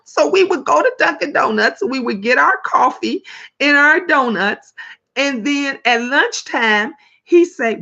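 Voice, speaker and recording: A woman with a Chicago accent chats live with her viewers in a lively, animated way. Her voice sits a little high and she laughs often. The webcam audio is dull and lo-fi. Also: unhurried. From Illinois, USA. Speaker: livestream host. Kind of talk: casual livestream chat, reading comments aloud.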